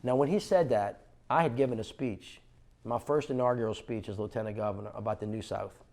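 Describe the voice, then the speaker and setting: A middle-aged man from New Orleans, a former mayor, telling an animated story on stage at a fundraiser and acting out the dialogue. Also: lowish voice, fairly quick, gravelly. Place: stage conversation at an indoor fundraiser.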